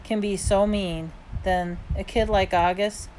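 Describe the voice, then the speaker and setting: A woman's voice: medium pitch, fairly even intonation, unhurried, noisy background. A woman reading an audiobook aloud in the first person, in a casual, conversational way. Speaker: audiobook reader.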